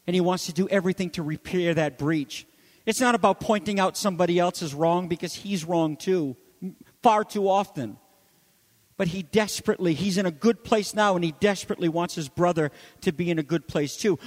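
A man preaching with a high-pitched voice, rising to loud emphasis and dropping to hushed asides. The sound carries a long reverb. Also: normal speed. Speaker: pastor. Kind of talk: sermon.

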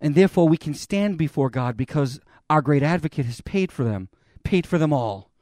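A man preaching a sermon, dramatic and expressive as he retells a scripture scene. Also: a little high, moderate pace, no echo, clean studio sound. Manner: dramatic, voices God and Moses in the retelling.

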